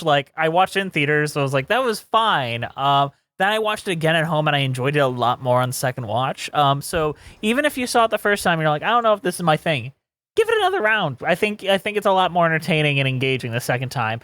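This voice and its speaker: A young man with a fairly high voice co-hosts a casual podcast, laughing easily as he chats with his friend. He is recorded dry and close, with no room sound around him. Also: expressive, fairly bright tone, dry recording. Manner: laughs often, rapid-fire sign-off plugs. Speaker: podcast co-host. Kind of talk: casual chat.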